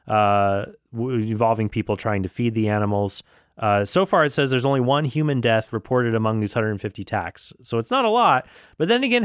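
A man's voice: mid-range voice, clear, resonant tone, dry recording, studio quality. A man hosting a casual solo podcast, telling a story in a rambling way with many fillers. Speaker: podcast host. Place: travelling in Australia.

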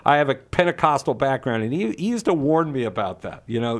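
A man's voice: medium pitch, big pitch swings, fairly quick, hardly any pauses. A middle-aged man telling a personal story and arguing a moral point, earnest and passionate, often repeating words when stirred. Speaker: Catholic speaker.

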